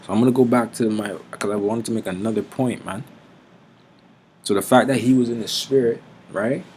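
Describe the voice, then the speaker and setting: Slangy man teaching scripture, low voice. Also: fairly even intonation, darkish tone, slight background noise, rough recording. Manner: street slang, profane, reads scripture slowly and deliberately. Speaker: Bible teacher. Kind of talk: informal Bible teaching.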